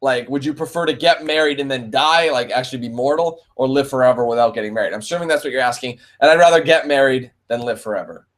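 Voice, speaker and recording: A man's voice: mid-range voice, fast talker, few pauses. A man in his twenties with a Canadian accent, a gaming streamer answering viewer questions in a casual, profane chat. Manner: laid-back and profane, calls viewers man and bro.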